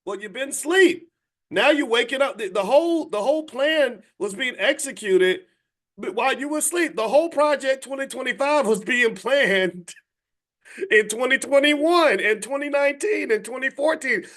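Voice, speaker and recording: A man in his fifties, host of a live-stream talk, who speaks to his viewers in an emphatic, preachy way and jumps up into a high mocking voice now and then. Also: animated, normal speed, a bit bright. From United States.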